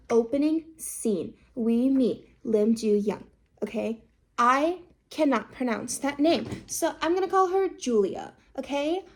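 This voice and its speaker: A young woman recapping a drama in a casual, chatty way, peppering her talk with "like" and "okay" and jumping into voices for the people she quotes. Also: slight background noise. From United States. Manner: animated, jumps into high-pitched voices for quoted people.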